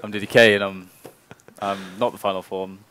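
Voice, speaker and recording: A man co-commentating a live esports match, talking fast in a mid-range voice. The sound is dry and close, with no room around it, and he keeps a playful back-and-forth with his partner. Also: fairly low pitch, flat delivery, bright, forceful tone, clear, resonant tone, no room sound. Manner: playful, quick banter. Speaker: esports co-caster.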